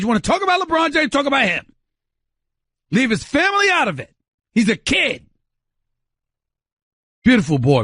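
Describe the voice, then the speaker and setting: Middle-aged male radio host from New York, high bright voice, booming theatrical rants that hammer every point. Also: no room sound, studio quality. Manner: loud, shouting, emphatic and theatrical; repeats phrases for emphasis, addresses "ladies and gentlemen". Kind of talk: sports talk radio monologue.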